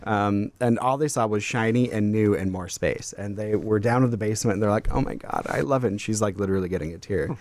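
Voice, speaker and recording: A man's voice: fairly low pitch, quick pace, hardly any pauses, darkish tone, no room sound. A man, a real estate broker, telling client stories in a casual radio talk with studio mics. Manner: storytelling, quotes clients.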